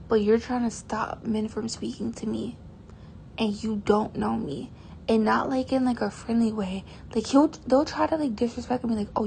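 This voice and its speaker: A woman's voice: fairly high pitch, vocal fry, darkish tone, slight background noise. A teenage girl telling a story to camera in a casual vlog, chatty and exasperated, with lots of "like". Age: teens. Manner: chatty, exasperated, heavy use of "like". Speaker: vlogger.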